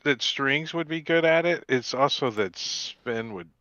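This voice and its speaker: A man's voice: mid-range voice, measured pace, sharp tone, no room sound, dull audio. A man playing a tabletop game, joking and wry in casual chat. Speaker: player.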